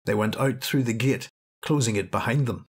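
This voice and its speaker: A man's voice: mid-range voice, moderate pace, husky. A man narrating an audiobook in a dramatic storytelling manner. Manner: dramatic storytelling, acting out cries. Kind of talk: scripted narration.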